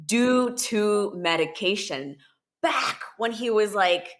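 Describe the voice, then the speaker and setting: A woman speaking as a podcast guest, telling her story in a candid, animated way. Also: mid-range voice, takes it slowly. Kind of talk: casual interview chat.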